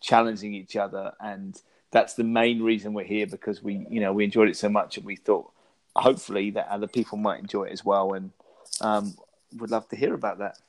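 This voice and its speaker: A man's voice: on the low side, level tone, brisk. A middle-aged British man co-hosting a casual podcast, telling stories in a chatty way with frequent restarts and laughter. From Britain. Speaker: podcast co-host. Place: lives in Los Angeles.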